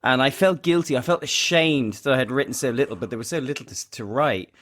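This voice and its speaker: Quick to laugh and full of energy, this podcast co-host chats casually in a medium-pitched voice.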